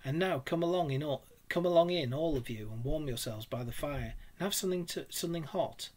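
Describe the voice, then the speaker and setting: A man's voice: mid-range voice, lively intonation, normal speed, husky. A man reading aloud, voicing an eager, commanding male water rat in a storybook. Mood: hearty.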